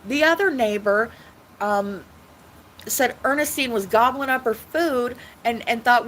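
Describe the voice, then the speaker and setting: A woman's voice: mid-range voice, normal speed, slight background noise, low-quality recording. Rambling woman on a livestream. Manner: rambling, repetitive, swearing often. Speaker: livestream host. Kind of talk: rambling casual livestream talk.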